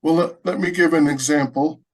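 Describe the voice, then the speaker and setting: A man's voice: a little high, steady tone, moderate pace, low-quality recording. A man from the United States, a Buddhist practitioner, telling a story in a conversational interview with earnest animation and frequent restarts.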